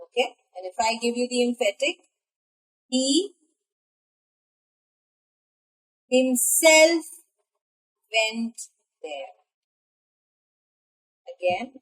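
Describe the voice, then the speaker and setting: A woman with a high voice teaches a grammar lesson at a very slow pace. She speaks deliberately, pausing to stress single words. Her tone is that of a classroom teacher addressing students. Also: rough recording. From India. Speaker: English teacher.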